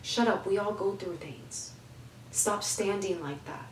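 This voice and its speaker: A woman's voice: medium pitch, a little slow, roomy sound, far from the mic, slight background noise, rough recording. A young woman giving heartfelt life advice in an emphatic way, repeating phrases for stress. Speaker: advice vlogger.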